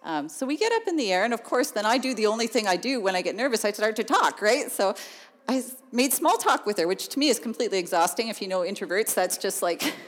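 A woman telling a personal story in an animated, chatty way, laughing often. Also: medium pitch, quick pace. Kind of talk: storytelling testimony. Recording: long reverb of a large hall.

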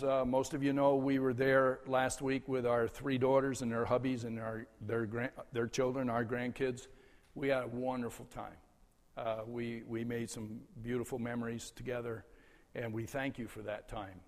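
An older man, a departing pastor, gives a farewell address from the pulpit in a slow, halting way, with many "uh" fillers and small chuckles. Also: mid-range voice. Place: church sanctuary. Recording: long church reverb.

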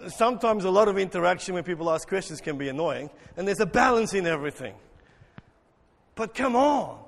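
A man's voice: high voice, a little fast, vocal fry. Man, pastor, sermon, playful voices, congregation banter, echoing church hall. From South Africa. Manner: animated, acts out voices, jokes with congregation. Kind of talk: interactive sermon. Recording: long hall reverb.

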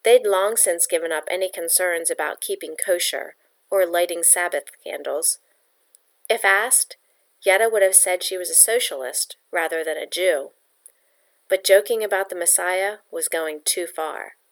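Woman narrating a chapter book, slightly low voice, steady and measured. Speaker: audiobook narrator. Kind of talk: audiobook reading.

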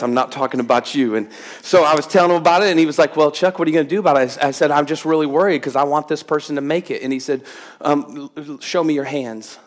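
A middle-aged man preaching a sermon to his congregation, chatty and humorous, building to emphatic exhortation. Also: mid-range voice. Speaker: pastor. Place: church sanctuary with congregation.

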